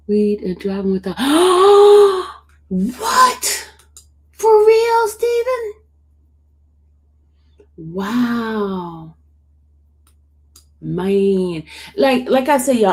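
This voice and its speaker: A woman hosting a casual livestream, chatting and answering viewer comments in an expressive way. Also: medium pitch. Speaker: livestream host covering court cases. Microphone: streaming setup.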